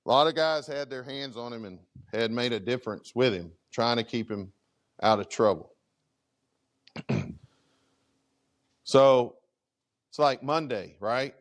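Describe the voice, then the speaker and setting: A man's voice: measured pace, long pauses. A middle-aged man, a fire chief, telling a story to a conference audience in a casual, conversational way. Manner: animated, conversational, acts out dialogue with big pitch swings. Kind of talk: storytelling keynote talk. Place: conference presentation room.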